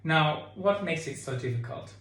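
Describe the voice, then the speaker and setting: A man leading a choir tutorial, calmly explaining diction and sometimes singing phrases to show them. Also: fairly high pitch, moderate pace. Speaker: choir director. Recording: echoey room with keyboard.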